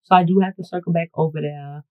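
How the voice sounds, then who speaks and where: A woman's voice: lowish voice, steady tone, quick pace, no room sound. A woman vlogger telling a story to her viewers while getting ready, chatty and profane, with sudden bursts of emphasis. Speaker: beauty vlogger. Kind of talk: casual get-ready-with-me storytime. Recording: dry, tinny phone-like audio.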